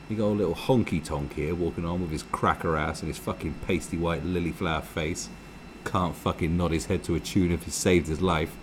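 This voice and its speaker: A man's voice: low voice, sing-song, a little fast, vocal fry, slight background noise, poor audio. Profane, ranting British man. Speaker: live stream host. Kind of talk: casual commentary rant.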